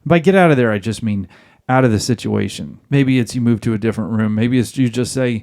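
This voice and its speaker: A man's voice: medium pitch, brisk, a little mellow. A man hosting an advice podcast, talking emphatically and jokingly, often acting out both sides of a dialogue. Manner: emphatic, jokey, acts out dialogue. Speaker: podcast host giving marriage advice.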